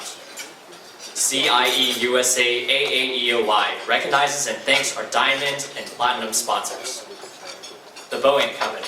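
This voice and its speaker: A man serving as master of ceremonies, giving polished, scripted introductions and announcements. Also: mid-range voice. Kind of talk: formal announcements. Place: large banquet hall. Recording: echoey banquet hall, distant mic, noisy.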